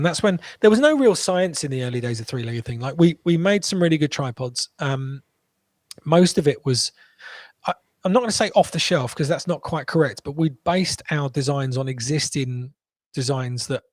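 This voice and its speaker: A man tells his story as an interview guest, animated and full of quick restarts. His voice sits at a middle pitch. He is recorded in a dry, dead room. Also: no room sound. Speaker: guest entrepreneur.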